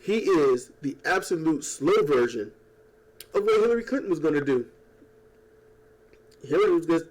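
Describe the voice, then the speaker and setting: A man talking at home in a casual political rant. He rambles, swears and turns sarcastic, tossing in quick mocking impressions. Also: fairly high pitch, expressive, darkish tone. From United States. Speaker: YouTuber. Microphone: old desk microphone.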